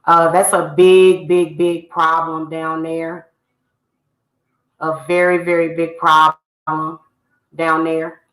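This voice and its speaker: Scolding woman, bright echoey voice. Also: low voice, flat delivery, slow pace, long pauses. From United States. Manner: heated, scolding, addresses people directly. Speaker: spiritual reader and channel host. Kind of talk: ranting monologue to camera. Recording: echoey room.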